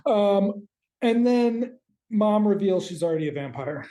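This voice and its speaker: A man co-hosting a podcast, casually recapping a TV episode in rambling, quick asides with the odd swear word. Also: sits high, expressive, dark tone. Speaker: podcast co-host.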